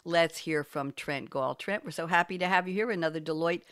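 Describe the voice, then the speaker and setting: A woman's voice: fairly low pitch, a little fast, fairly bright tone, clear, resonant tone, no room sound, clean studio sound. Chatty woman hosting an interview. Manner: chatty, playful, laughs often. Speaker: podcast host.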